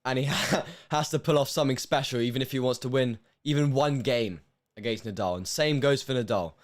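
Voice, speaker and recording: A young man from the United Kingdom commentating a match on a live stream, emotional, with hushed stretches and loud bursts. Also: medium pitch, a little fast.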